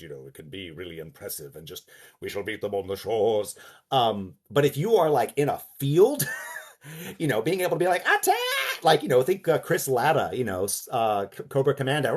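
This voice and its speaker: A man giving a casual lecture, halting and animated, slipping into character voices. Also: fairly low pitch, breathy edge.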